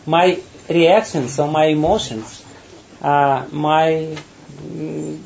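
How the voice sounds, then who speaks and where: A man giving a spiritual talk and telling a parable. He speaks haltingly, repeats words, and often breaks into laughter. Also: fairly high pitch, gravelly, a little mellow. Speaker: spiritual teacher. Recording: dull, faint background noise.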